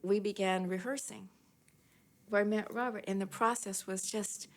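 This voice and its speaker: An older woman in an interview, telling an animated anecdote and acting out the quoted lines with big pitch jumps. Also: normal speed.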